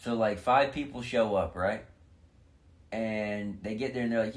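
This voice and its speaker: A young man with a fairly low voice tells a story on a comedy podcast. He throws himself into the quotes, swears freely and keeps the retelling lively. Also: moderate pace. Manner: animated storyteller, acts out quotes, swears a lot. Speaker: podcast co-host. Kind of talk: casual comedic podcast chat.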